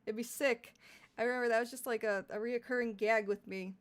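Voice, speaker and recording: A woman's voice: a little high, fairly even intonation, fairly quick. A young adult woman chatting casually on a live stream, giggly and rambling, laughing often. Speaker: VTuber streamer.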